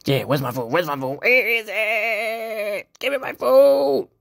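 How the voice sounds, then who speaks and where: A woman voicing a grumpy cat who demands its food in a slow, threatening murmur. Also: medium pitch, expressive, creaky, fairly bright tone. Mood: menacing.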